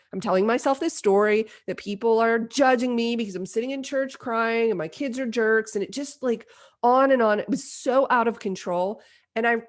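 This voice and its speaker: A woman podcast host in her forties telling a personal story in a candid, self-deprecating way. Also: medium pitch. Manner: self-deprecating, confessional, lively retelling.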